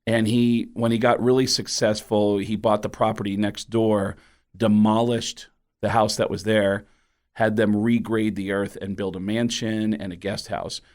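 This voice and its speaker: A man, a comedian, telling a story in a casual interview and acting out the people in it. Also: a little slow. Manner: animated storyteller, jumps into high excited voices for quoted people. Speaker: comedian guest.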